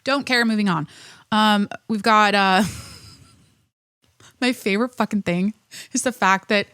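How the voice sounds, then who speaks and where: A young woman holds forth alone on her podcast, swearing freely and breaking off mid-sentence as the next thought takes over. Her voice sits at an ordinary middle pitch, and the sound is close and dry, with no room around it. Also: a little slow, clear, resonant tone, no room sound. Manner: animated, profane ranting with self-interruptions. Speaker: podcast host. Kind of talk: solo podcast monologue.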